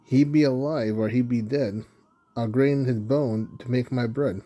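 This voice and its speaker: A man's voice: mid-range voice, steady tone, measured pace, mellow, natural voice. A man voicing a huge, wicked male giant in a storybook reading, roaring his demands. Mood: bellowing.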